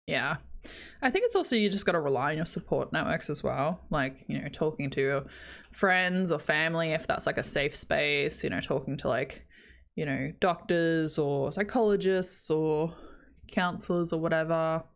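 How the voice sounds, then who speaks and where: A woman's voice: low voice, moderate pace. A young Australian woman streaming, chatting casually with her viewers in a self-deprecating way and laughing often.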